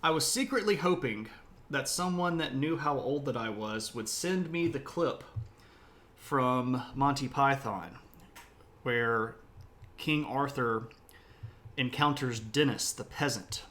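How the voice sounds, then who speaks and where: A man's voice: mid-range voice, takes it slowly, a bit bright. A middle-aged man from South Mississippi, hosting a casual history livestream in a chatty, opinionated, rambling way. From United States (South Mississippi). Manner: chatty, self-described opinionated, rambling asides.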